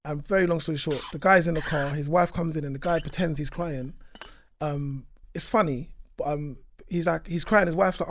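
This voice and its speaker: A man's voice: on the high side, fairly quick. A man co-hosting a casual book discussion, telling stories with lots of restarts. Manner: animated storytelling, frequent restarts. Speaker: podcast co-host.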